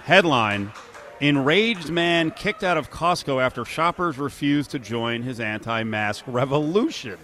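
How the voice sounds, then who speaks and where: Talk radio host guy, chatty, jokes around and does silly high voices. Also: unhurried, soft background music. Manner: animated, mocks quotes in high voices, laughs. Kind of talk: casual sports talk radio.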